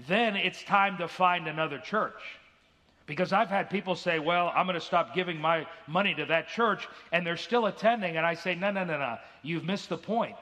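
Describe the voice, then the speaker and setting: A man's voice: high voice, bright, forceful tone, long reverb tail. A male pastor preaching an earnest sermon in a church, now and then acting out the voices of people in his stories. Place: church sanctuary.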